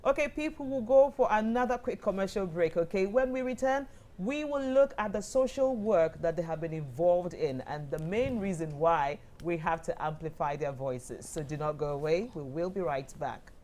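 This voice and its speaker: A woman's voice: fairly low pitch, moderate pace, darkish tone. A woman with a Ghanaian English accent hosting a live TV talk show, chatty and bubbly as she reads out viewer comments. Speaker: TV show host.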